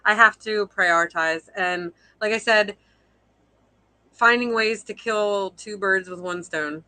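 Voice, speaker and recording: A woman's voice: mid-range voice, slow pace, bright, forceful tone, smooth, no room sound, low-quality recording. A young woman, a fiber artist guest, chatting casually on a live video call, rambling and self-deprecating with frequent laughs.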